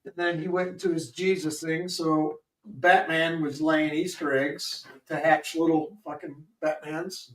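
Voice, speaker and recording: High-voiced man far from the mic. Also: level tone, unhurried, hardly any pauses, fairly bright tone. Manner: crude, counting off tallies. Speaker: stream co-host. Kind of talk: casual reading of comments. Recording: roomy, distant mic with faint noise.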